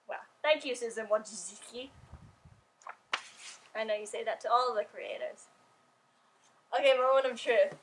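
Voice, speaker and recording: A woman YouTuber filming a casual vlog at home, excitable and gushing, who swears freely as she talks. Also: on the high side, moderate pace, long pauses, rough recording. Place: at home indoors.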